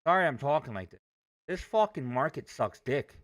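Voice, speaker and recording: A man's voice: mid-range voice, lively intonation, moderate pace, a bit bright, dry recording, studio quality. A man livestreaming his day trading, ranting with heavy profanity. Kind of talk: live trading stream commentary.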